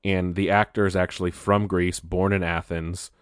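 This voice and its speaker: A young man with a deep, low voice talks casually through gaming news. He rambles, stumbling and restarting his sentences. The sound is dry and close, with no room around it. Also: level tone, moderate pace, clean tone, no room sound. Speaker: gaming video host.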